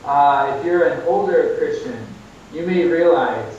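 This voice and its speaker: A man's voice: unhurried, darkish tone. Earnest man preaching over a video call. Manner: earnest, exhorting, with rises for emphasis. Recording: echoey, distant, muffled call audio with faint rumble.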